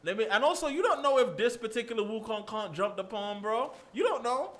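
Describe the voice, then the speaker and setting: Animated young gamer. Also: male voice, high-pitched, brisk. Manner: animated, swearing, playful rants. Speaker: gaming streamer. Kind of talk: casual gaming commentary.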